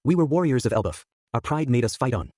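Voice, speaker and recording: A man's voice: medium pitch, lively intonation, fast talker, dark tone, dry recording, clean studio sound, close to an everyday voice. A man voicing a proud old male giant warrior in a solemn delivery.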